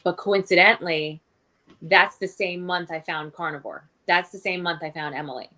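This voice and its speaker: Candid woman telling her story, low voice. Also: sharp tone. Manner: candid, halting, many restarts and "like". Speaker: guest sharing her health story. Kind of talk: emotional personal storytelling.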